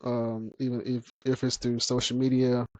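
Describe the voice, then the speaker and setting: A man's voice: mid-range voice, monotone, moderate pace, no echo. A man hosting a casual podcast chat who laughs often while telling stories. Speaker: podcast host.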